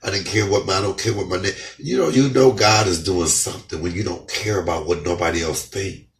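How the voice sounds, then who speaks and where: A middle-aged man speaking fervently in an emotional testimony vlog, a little hoarse from shouting and crying with joy, talking in his house. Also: low-pitched, a little fast, slight background noise. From United States. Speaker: comedian vlogger. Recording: echoey room, off-mic.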